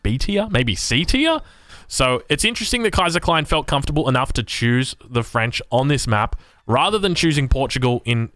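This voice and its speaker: Lively, animated male game caster. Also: mid-range voice, dry recording. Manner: upbeat, joking, asks his co-caster questions. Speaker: esports caster. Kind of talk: play-by-play game commentary.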